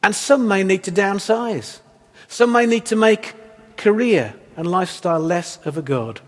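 Speaking unhurriedly in a voice that sits high, a pastor delivers an earnest, emphatic sermon. He leans on rhetorical questions, and the church hall gives his words a long reverb.

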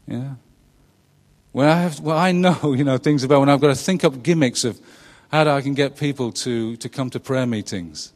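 A man's voice: medium pitch, moderate pace, a little mellow, in a large hall. A middle-aged man preaching a conversational sermon, often turning questions to his listeners. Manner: chatty, asks the congregation questions, laughs at his own jokes. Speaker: pastor. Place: church.

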